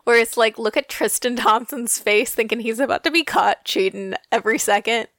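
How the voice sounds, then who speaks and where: A woman's voice: fairly high pitch, a bit bright, no echo, studio quality. Gossipy young woman podcast co-host. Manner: gossipy, quick asides and jokes. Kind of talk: casual pop-culture chat.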